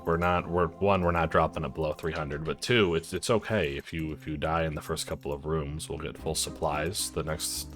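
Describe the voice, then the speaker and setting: Deep male gaming creator, casual profane storyteller, soft music bed. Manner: laid-back, profane, rambling with frequent restarts and laughs. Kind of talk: casual gameplay commentary and storytelling.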